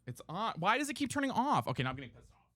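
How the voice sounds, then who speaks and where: A male streamer chatting casually with his viewers, his voice lively and swinging up and down. The tone is bright and slightly higher than most men's, and he slips easily into exasperated rants. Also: rapid-fire, no room sound, clean studio sound. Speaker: live streamer. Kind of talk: casual chat while gaming. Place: room at home.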